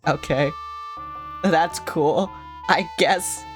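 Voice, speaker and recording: A woman with a notably low voice talks over a video game as she plays, swearing freely and tossing off sarcastic asides. Faint game music sits quietly behind her. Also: drawn-out words. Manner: profane, sarcastic, chatty asides to herself. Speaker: streamer. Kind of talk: live gameplay commentary.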